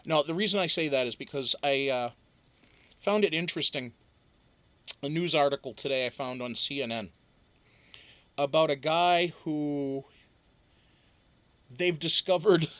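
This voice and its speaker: A livestream host in loose, casual chat, swearing often and breaking into laughter. The pitch swings widely from low mutters to sudden high exclamations, and the talk is full of ums and restarts. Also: fairly bright tone, no room sound. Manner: profane, joking, laughs often, trails off with ums. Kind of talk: casual livestream chat, reading viewer comments.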